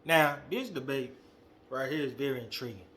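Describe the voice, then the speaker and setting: Young male host, casual slangy rant, lively delivery, bright tone, faintly noisy recording. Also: mid-range voice, normal speed. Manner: animated, slangy, calls out directly. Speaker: wrestling podcast host. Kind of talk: casual opinion monologue.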